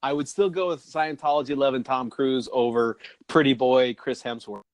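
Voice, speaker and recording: A man's voice: mid-range voice, steady tone, normal speed, dry recording. A man co-hosting a podcast in casual chat, rambling and laughing often as he talks. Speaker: podcast co-host.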